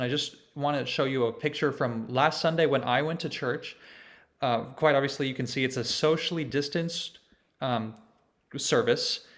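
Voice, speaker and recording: Presenting online to a choir, a young conducting student in his twenties explains church music and leads chants in a conversational way. His voice is mid-range with a fairly bright tone.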